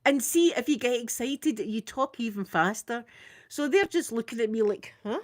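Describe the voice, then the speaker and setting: A Scottish woman chatting casually through a makeup ASMR video, quick and soft-spoken with frequent laughter. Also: a little high, expressive. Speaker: ASMR creator doing makeup.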